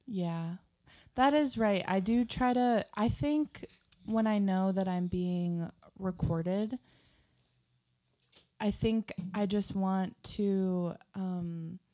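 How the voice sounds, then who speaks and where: A young woman co-hosting a podcast in casual chat, speaking in a grounded, pausing way with many fillers. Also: medium pitch, mellow. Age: young adult. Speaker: podcast co-host.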